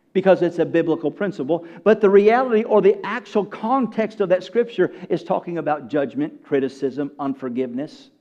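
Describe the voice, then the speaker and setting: High-voiced man preaching a sermon. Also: lo-fi sound. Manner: preaching with sweeping swings from loud high bursts to hushed low phrases; calls out to the congregation. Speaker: pastor.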